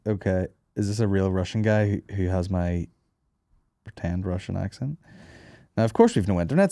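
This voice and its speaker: A man's voice: on the low side, warm tone, no room sound, studio quality. A man hosting a podcast, chatting casually with lots of swearing and joking. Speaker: podcast host. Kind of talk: casual chat.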